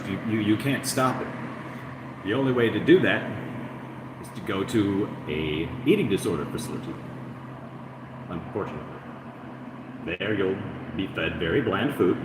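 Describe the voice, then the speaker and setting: A man streaming live from his apartment, rambling in casual chatter and teasing his chat. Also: on the low side. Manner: rambling, teasing, mock-taunting. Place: apartment room. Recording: echoey room with air-conditioner hum.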